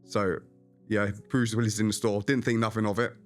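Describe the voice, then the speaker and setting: Lively storytelling man, low voice. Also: brisk, faint music behind. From England. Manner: animated anecdotal storyteller. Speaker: magician guest. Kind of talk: casual interview storytelling.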